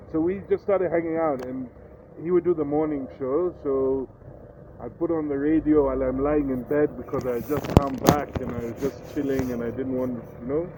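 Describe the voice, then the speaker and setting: A middle-aged man with a Kenyan accent, a guest telling his story in a casual interview, acting out voices as he goes. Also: medium pitch. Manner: animated storyteller who acts out voices. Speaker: guest, radio personality. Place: hotel. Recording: tinny phone-like sound, faint noise.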